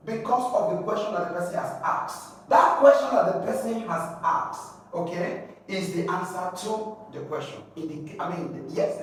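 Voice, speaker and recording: A man with a Nigerian English accent teaching a classroom lesson at a board, drilling words aloud and repeating them. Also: high-pitched. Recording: echoey room, distant mic.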